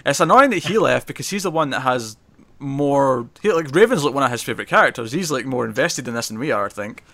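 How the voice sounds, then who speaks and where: Male host for a casual comic chat; bright, forceful voice, quick and rambling. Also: mid-range voice. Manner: animated, quick, chatty, trails off mid-sentence. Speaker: podcast host.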